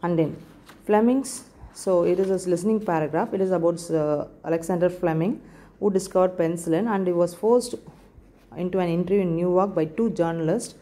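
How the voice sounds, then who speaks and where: A woman with an Indian English accent teaches a recorded English lesson in a low, mellow voice. She talks slowly, says each word again and spells it out letter by letter. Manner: slow, repeats words and spells them letter by letter.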